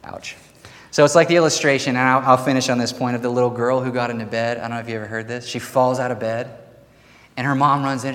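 A man's voice: mid-range voice, steady tone, fast talker, fairly bright tone. A man preaching a sermon in a casual, conversational way, with playful asides between his points. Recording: long reverb of a large hall.

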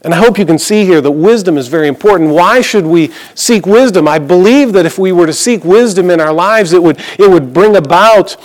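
A man's voice: high-pitched, fairly quick, few pauses. A middle-aged male pastor preaching a conversational sermon, mixing scripture reading with personal stories and light humor.

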